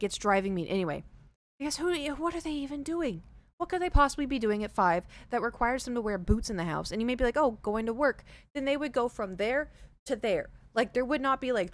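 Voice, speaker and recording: A woman streamer chatting casually to her viewers from home, telling a story in an animated way and acting out the quoted lines. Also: medium pitch, no echo. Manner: animated, acts out quoted dialogue. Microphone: streaming desk mic.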